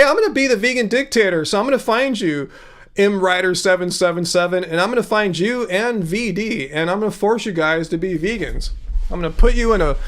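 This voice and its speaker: A man's voice: sits high, fairly bright tone. A middle-aged man hosting a casual livestream, reading out viewer comments and answering them in a joking, teasing way. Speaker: livestream host.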